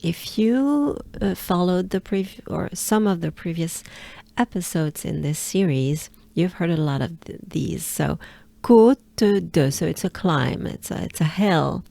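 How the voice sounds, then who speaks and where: Slow, careful French woman teaching pronunciation. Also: fairly low pitch, animated, creaky, warm tone, dry recording. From France. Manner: breaks words into sounds and repeats them slowly.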